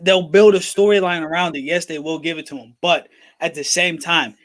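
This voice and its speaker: Sports talk dude, emphatic, says stuff twice, bright high voice. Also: male voice, steady tone, normal speed. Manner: emphatic, repeats points. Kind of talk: casual debate.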